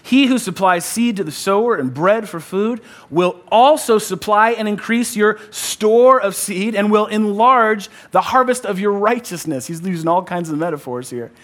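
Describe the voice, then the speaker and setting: A man's voice: high-pitched, animated, moderate pace, few pauses. A married man preaching a sermon, conversational but emphatic, repeating key phrases and calling on the congregation to answer back. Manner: conversational, uses "like" and "kinda". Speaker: pastor.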